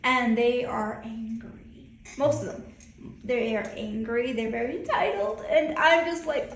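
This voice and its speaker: A woman with a fairly high voice chats casually, her stories tumbling out with restarts and asides. She sits back from the mic in an echoey room with faint ambient noise. She talks loosely, not from a script. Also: measured pace, far from the mic. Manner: rambling storytelling with self-interruptions. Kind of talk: casual conversation.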